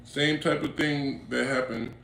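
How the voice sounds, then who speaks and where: A vlogger from Inglewood, California tells a street story to camera, slangy and acting out what people said, building to loud, emphatic bursts. His gravelly, mid-pitched voice is steady and unhurried, and the room echoes with faint background noise.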